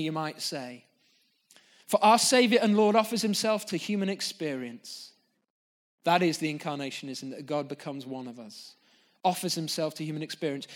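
A male pastor delivers an unscripted sermon to his church in an earnest, reflective way. His voice sits a little higher than most men's. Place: church gathering.

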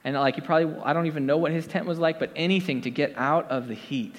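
A pastor speaks quickly in a slightly high voice, giving his congregation a relaxed, chatty sermon. Fillers and asides pepper his talk, and the recording carries a long hall reverb.

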